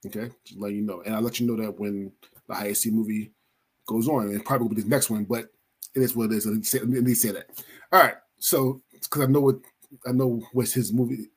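A man hosting a casual podcast, animated and blunt, swearing and laughing often as he runs a movie bracket. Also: fairly low pitch, fast, husky. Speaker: podcast host.

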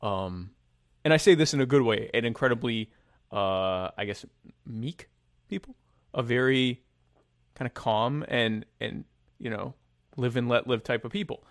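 A man in casual political chat, rambling and sarcastic, with many halting restarts. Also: medium pitch, no echo, clean studio sound.

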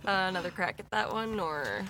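A woman's voice: mid-range voice, very animated, a little fast, pushed and bright, a little hiss or hum, rough recording. A woman playing a tabletop game, teasing and wry in casual chat. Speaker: player.

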